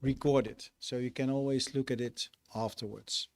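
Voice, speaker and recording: A man's voice: medium pitch, steady tone, moderate pace. A male teacher addressing a ceremony, hesitant and searching for words.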